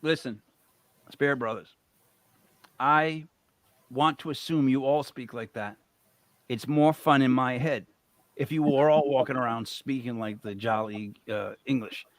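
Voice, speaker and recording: A man hosting a podcast in casual chat, animated and swearing freely. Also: medium pitch, a little slow, long pauses, no echo. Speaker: podcast host.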